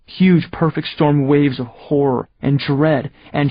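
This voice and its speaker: Husky male audiobook narrator. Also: fairly high pitch, steady tone, slow pace, hardly any pauses, no echo, muffled recording. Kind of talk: first-person audiobook narration.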